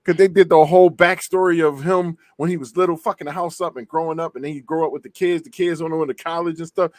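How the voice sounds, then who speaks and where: A man's voice: a little high, fairly even intonation, fast, dry recording. A man hosting a podcast, chatting casually, teasing his co-host and laughing a lot with slang. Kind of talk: casual chat.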